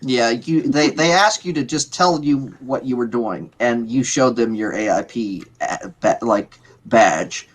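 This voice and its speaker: A man's voice: medium pitch, a little slow, few pauses, breathy edge. A man co-hosting a casual chat who rambles, repeats words and slips into playful impressions. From Pittsburgh area. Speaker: podcast co-host.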